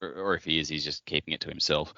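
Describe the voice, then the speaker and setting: Deep-voiced wisecracking man. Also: fairly even intonation, gravelly, bright, forceful tone, dry recording, dull audio. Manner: wisecracking, quick jokes. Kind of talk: casual book discussion.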